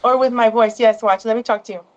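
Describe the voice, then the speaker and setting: A woman's voice: fairly high pitch, steady tone, quick pace, a little mellow, highs cut off. A woman as a guest in a casual interview, rambling along with many restarts and asides.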